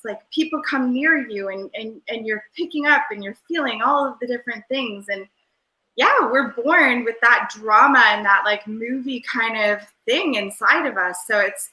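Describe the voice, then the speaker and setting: A woman's voice: on the high side, sharp tone. A woman guest in a casual interview, talking in an airy, Valley-girl-like way that rambles with lots of fillers, over a video call. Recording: roomy echo.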